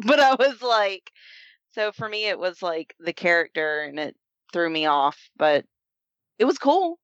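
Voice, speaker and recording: A woman in casual chat, talking in an animated, rambling way. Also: lowish voice, moderate pace, clear, resonant tone, no echo. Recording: dull, dry sound.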